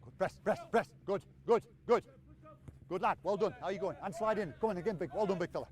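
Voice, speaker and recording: Outdoors on the pitch, a man runs a football coaching session, calling brisk, encouraging commands to his players.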